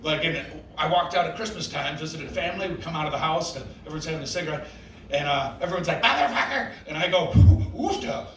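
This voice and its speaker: A man's voice: fairly high pitch, fairly even intonation, fast. A man from Detroit doing a brash, profane stand-up set at a bar gig. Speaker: stand-up comedian. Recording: echoey bar from far off. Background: loud audience and bar noise.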